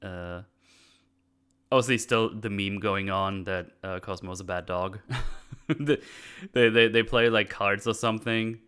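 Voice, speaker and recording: A man hosting a casual movie review chat, retelling scenes in quick quoted voices and laughing often. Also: fairly low pitch, fairly even intonation, a bit bright, clean tone. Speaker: podcast host.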